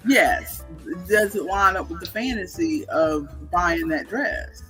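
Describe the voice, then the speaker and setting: A man co-hosting a casual livestream, playful and teasing, with a raspy voice. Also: high-pitched, slow, a bit bright, faint music behind. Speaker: livestream co-host. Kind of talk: casual chat.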